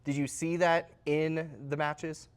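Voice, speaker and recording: A man's voice: fairly high pitch, level tone, takes it slowly, clear, resonant tone. A man hosting a casual sports interview, chatty and joking, with many fillers and restarts. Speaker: host.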